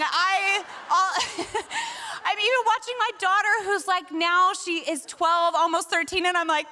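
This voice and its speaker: A woman in her forties preaching a sermon, telling stories in an animated way and laughing often. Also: very high-pitched, measured pace. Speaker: pastor.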